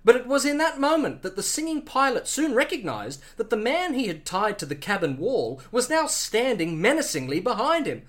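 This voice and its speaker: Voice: mid-range voice, big pitch swings, moderate pace, few pauses. A playful storyteller narrating an improvised comic story. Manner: playful, laughs often.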